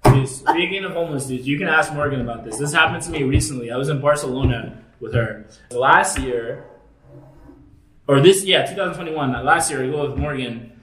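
Casting note: man, fairly high voice, profane storyteller, roomy echo. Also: a little fast, a bit bright. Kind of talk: casual chat. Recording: echoey room.

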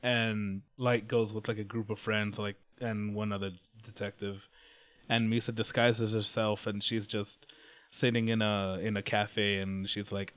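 A man's voice: lowish voice, steady tone, measured pace, fairly bright tone. A man casually recapping a story, rambling, swearing and laughing along. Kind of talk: casual chat.

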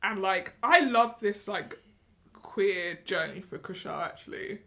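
A woman co-hosting a podcast, chatting and gossiping casually about a reality show, with quick mimicking asides. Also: medium pitch, creaky, bright, forceful tone. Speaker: podcast co-host. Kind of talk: casual chat.

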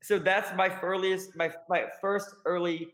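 A guest actor from the American South with a Southern accent, telling rambling, self-deprecating stories in a casual podcast chat. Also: male voice, sits high, level tone, unhurried, fairly bright tone, poor audio.

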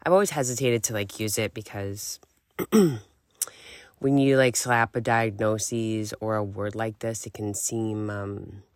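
A woman's voice: very deep voice, steady tone, unhurried, no room sound. A woman in her forties telling a personal story to camera in a candid, chatty way, swearing and laughing now and then. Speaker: vlogger.

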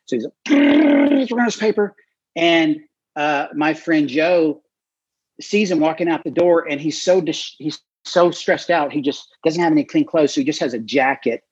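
A man, a guest author and missionary, telling stories in an interview with an animated manner and frequent fillers. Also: fairly high pitch, moderate pace, breathy edge, no echo. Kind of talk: storytelling in an interview. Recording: dry, slightly dull recording.

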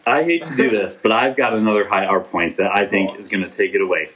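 Talking quickly in a voice on the low side, a man in his forties co-hosts a podcast that casually reviews a TV episode. He jokes and rambles with lots of restarts. Crowd noise can be heard, and the recording is rough.

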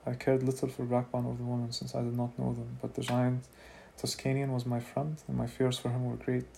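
A man's voice: mid-range voice, monotone, fairly quick, creaky, mellow, slight background noise. A man reading a fantasy novel aloud in first person, as an amateur audiobook, now and then adding asides of his own. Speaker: reader of a novel.

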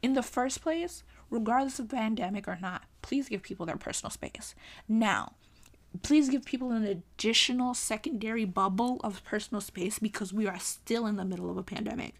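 A young woman talking casually to camera in a vlog, animated and exasperated, pleading with sudden high exclamations. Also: normal speed, vocal fry. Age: young adult. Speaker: vlogger.

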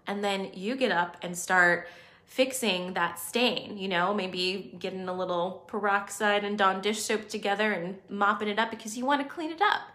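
A woman's voice: mid-range voice, normal speed, bright, forceful tone. Woman, spiritual self-help talk, reassuring, conversational, roomy echo.

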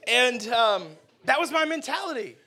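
A man in his twenties preaching a sermon, telling a funny personal story with animated, exaggerated outbursts. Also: extremely high pitch, moderate pace. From United States. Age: 20s.

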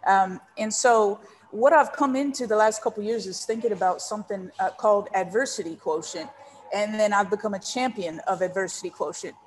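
A leadership coach from San Antonio, Texas, guests on a podcast and tells a personal story in a storytelling interview. Her mid-range voice moves briskly, with a slight hiss or hum in the audio, and she speaks earnestly and from the heart, using many ums.

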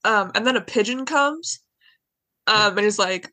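A woman's voice: mid-range voice, expressive, unhurried, bright, forceful tone, no room sound. A young woman co-hosting a podcast, casually retelling a story in a chatty, rambling way with lots of "like" and "anyways". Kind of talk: casual chat.

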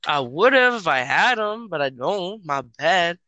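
A man's voice: sits high, very animated, measured pace, pushed and bright, no room sound. A young man chatting casually with a friend over a voice call, telling a story in a hesitant, rambling way with lots of fillers and swearing.

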